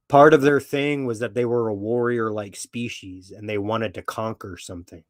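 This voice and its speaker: On a dry, clean studio recording, a man with a lowish voice speaks at a measured pace in a steady tone. He's hosting a podcast and launching into a profane, opinionated monologue, blunt and swaggering, with plenty of cursing.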